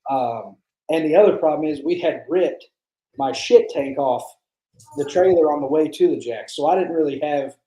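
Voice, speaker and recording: A man's voice: fairly high pitch, moderate pace, mellow. Rambling man telling crude stories, echoey room. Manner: rambling, profane, laughs through stories. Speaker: barbecue pitmaster guest. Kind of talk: casual storytelling chat.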